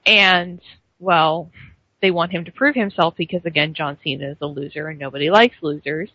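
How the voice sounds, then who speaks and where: A woman's voice: low voice, normal speed, slightly rough, dry recording. A woman co-hosting a wrestling recap show, giving sarcastic, dry commentary. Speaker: wrestling podcast co-host. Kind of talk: casual wrestling recap chat. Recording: dry, muffled lo-fi stream.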